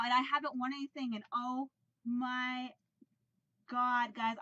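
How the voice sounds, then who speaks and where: A woman vlogger in a casual video, talking excitedly and rambling with many fillers and restarts. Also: a little high, a little slow, highs cut off. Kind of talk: casual vlog unboxing.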